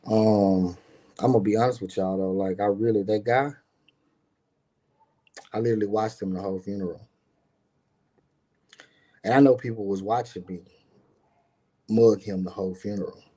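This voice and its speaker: A man's voice: on the low side, fairly even intonation, normal speed, long pauses, warm tone. A man telling a personal story in casual talk, rambling and repeating words, acting out the people he quotes. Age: adult with grown son.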